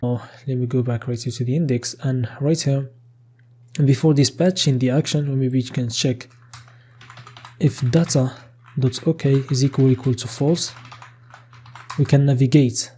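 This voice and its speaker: A man's voice: medium pitch, fairly even intonation, moderate pace, warm tone, slightly rough. A man talking through a coding tutorial as he types, thinking aloud with frequent "okay" and casual restarts, with keyboard typing behind him. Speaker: programming tutor. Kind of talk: screen-recorded coding tutorial.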